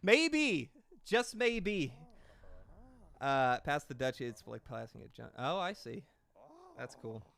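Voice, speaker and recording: A man's voice: mid-range voice, moderate pace, gravelly, a bit bright. Young male streamer, late twenties, loose rambling chat with plenty of swearing, self-mocking and easygoing, at a desk mic. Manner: rambling, self-deprecating, swears freely, reads chat aloud. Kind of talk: casual gaming stream chat.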